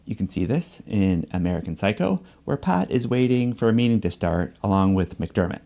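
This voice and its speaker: Low, mellow-voiced man narrating an essay. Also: animated, gravelly. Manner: measured, explanatory. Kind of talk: scripted narration.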